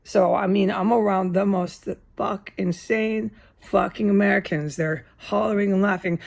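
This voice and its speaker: An agitated woman vents in a profane, indignant vlog rant. Her voice is gravelly and husky, with plenty of vocal fry, and she sits at a middle pitch. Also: fairly even intonation, normal speed, few pauses, a little mellow. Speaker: vlogger. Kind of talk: angry ranting vlog.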